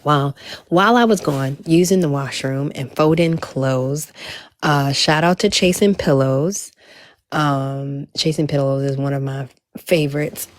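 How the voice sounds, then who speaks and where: Low-voiced chatty woman livestreamer. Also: darkish tone, no room sound. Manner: chatty, drops into whispers at times. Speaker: livestream host. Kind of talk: casual livestream chat.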